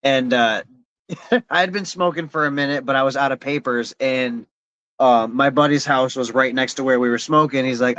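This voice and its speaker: A man's voice: medium pitch, steady tone, normal speed, fairly bright tone, no room sound, muffled recording. A man co-hosting a casual podcast, telling a laid-back story with chuckles and fillers. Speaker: podcast co-host.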